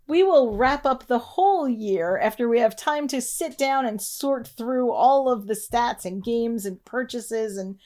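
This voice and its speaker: A woman co-hosting a board game show in casual chat, chatty and quick to laugh. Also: on the high side, a little mellow. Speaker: board game podcast co-host.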